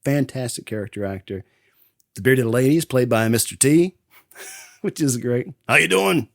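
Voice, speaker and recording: A man's voice: medium pitch, animated, a little mellow, dry recording. Man, podcast host, casual movie recap, laughs a lot, mimics lines, dry close sound. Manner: laughs often, acts out film lines in quick voices.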